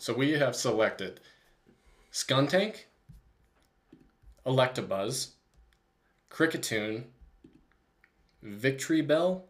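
A man's voice: fairly low pitch, a bit bright. A young man co-hosting a casual chat show, playful and giggling often. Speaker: podcast co-host.

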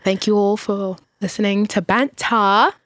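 A woman's voice: mid-range voice, steady tone, unhurried. A woman co-hosting a podcast in casual chat, often echoing her partner playfully and chiming in. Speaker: podcast co-host.

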